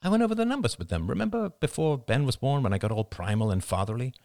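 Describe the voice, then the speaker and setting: A man's voice: mid-range voice, very animated, quick pace, vocal fry, darkish tone, no room sound, studio quality, pitched above the performer's own voice. A man voicing a tense, pragmatic father on the run who argues in a blunt, matter-of-fact way. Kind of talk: audiobook character reading.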